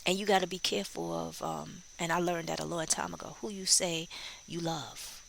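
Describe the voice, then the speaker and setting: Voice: medium pitch, flat delivery, normal speed, gravelly, a bit bright, a little hiss or hum, rough recording. A true crime commentator in casual spoken commentary, musing and rhetorical, acting out bits of quoted dialogue.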